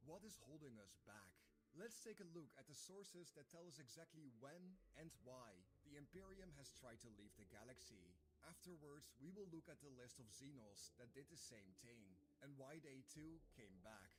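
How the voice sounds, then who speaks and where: A man's voice: medium pitch, very animated, moderate pace, noisy background. A man giving scripted documentary-style narration for a lore video, dramatic and full of rhetorical questions.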